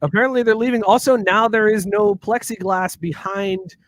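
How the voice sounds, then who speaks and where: A man's voice: high-pitched, steady tone, moderate pace, no room sound, studio quality. A young man co-hosting a casual sports and beer podcast, joking around and laughing often. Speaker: podcast co-host. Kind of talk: casual chat.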